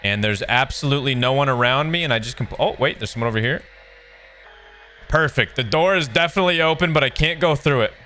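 A man giving excitable, joking gameplay commentary with sarcastic trash talk while playing a shooter game. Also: medium pitch, quick pace, faint music behind. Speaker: gaming video creator. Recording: loud game gunfire behind voice.

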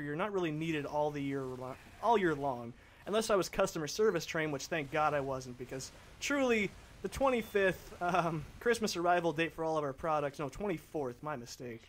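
A young man with a fairly high voice talks through a casual gaming commentary. He rambles and drifts from one thought to the next in a loose, chatty way. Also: animated, a little fast, a little hiss or hum. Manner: rambling, chatty, easily sidetracked.

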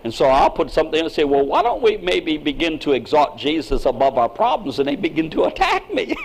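A pastor, an older man, preaching a sermon in an emphatic style that swings from quiet asides to shouting. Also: on the high side, very animated, a little fast, hardly any pauses, slight background noise, rough recording.

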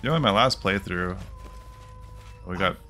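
A man casually commenting on his gameplay, thinking aloud in a relaxed way. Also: low-pitched, normal speed. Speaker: let's play host.

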